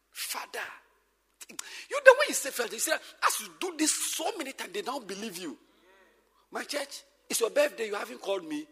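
A man preaching a sermon as a pastor, animated and repetitive, swinging from shouts to whispers. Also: sits high, breathy edge, in a large hall. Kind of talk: sermon to church workers.

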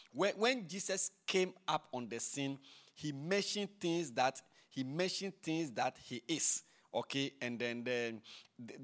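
A male preacher with a slightly high voice delivers a sermon in an emphatic, repetitive style. He keeps asking his listeners "all right?" and "do you see?" as he explains each point. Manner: repeats phrases, asks the audience "all right?"; builds from quiet prayer to loud emphatic preaching.

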